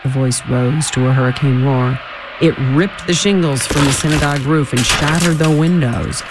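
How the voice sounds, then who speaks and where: A man reading a children's storybook aloud, with expressive, dramatic storytelling. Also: on the high side, normal speed, noisy background.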